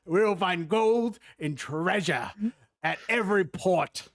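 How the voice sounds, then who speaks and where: A man's voice: high-pitched, takes it slowly, voice pushed up. A man voicing a hearty pirate captain with a theatrical, blustering delivery. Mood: boisterous.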